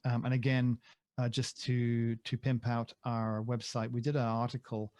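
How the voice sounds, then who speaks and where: A man's voice: medium pitch, completely flat delivery, moderate pace, a little mellow, clean tone, dry recording. Rambling jokey man, dry close sound. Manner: rambling, jokey, self-deprecating. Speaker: podcast co-host. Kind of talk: casual chat.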